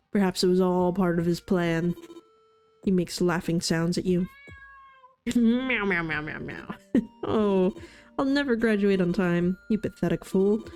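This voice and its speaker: A woman's voice: mid-range voice, a little mellow. A woman VTuber playing through a game, reading its text aloud with sarcastic, self-deprecating jokes. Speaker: VTuber streamer. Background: faint game music.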